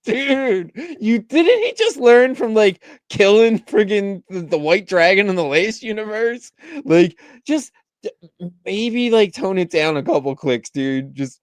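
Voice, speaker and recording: Excitable, fairly high-voiced man co-host. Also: measured pace, dry recording. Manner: excitable, swears, laughs a lot, says "like" and "dude". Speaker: podcast co-host. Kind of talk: casual podcast chat.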